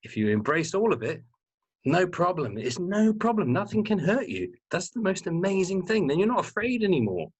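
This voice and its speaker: A man's voice: sits high, moderate pace, slightly rough. Earnest man telling his story candidly. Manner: animated, earnest, swears freely and repeats words for emphasis. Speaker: interview guest.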